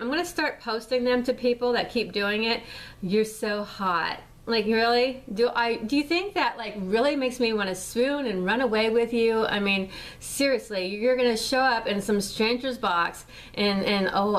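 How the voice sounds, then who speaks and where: A woman's voice: medium pitch, low-quality recording. A middle-aged woman in a rambling, heated, profane rant for a vlog, swearing constantly. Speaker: vlogger. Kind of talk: angry profane rant to camera.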